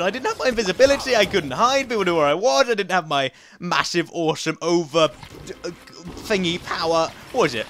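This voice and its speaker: A young man chatters through gameplay commentary in a goofy, playful way. His voice sits a little high and swings widely, from sudden shouts down to quiet muttering. A faint hiss of background noise runs underneath. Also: sing-song, fast. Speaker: gaming commentator.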